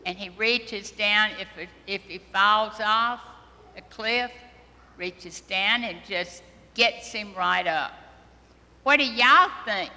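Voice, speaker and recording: A woman priest giving a children's sermon, talking slowly and gently and asking the children questions. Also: mid-range voice. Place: church sanctuary. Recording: long church reverb.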